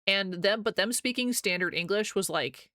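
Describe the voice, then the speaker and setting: A woman's voice: medium pitch, normal speed, sharp tone, dry recording, clean studio sound. A young American woman streaming live, chatting casually with her viewers, rambling and laughing often as she reads chat aloud.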